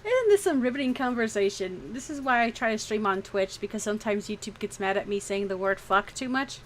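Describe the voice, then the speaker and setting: A woman's voice: mid-range voice, expressive, brisk, a little hiss or hum. A woman streaming while she draws, chatting casually and frankly, laughing often and swearing freely. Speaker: streaming artist. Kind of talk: casual chat during a drawing stream.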